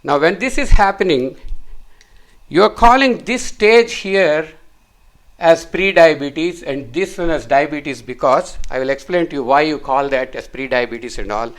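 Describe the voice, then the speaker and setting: This middle-aged physician speaks a little slowly in a voice on the high side, teaching a medical lesson at a whiteboard. He sketches a chart and explains each step, repeating words for emphasis.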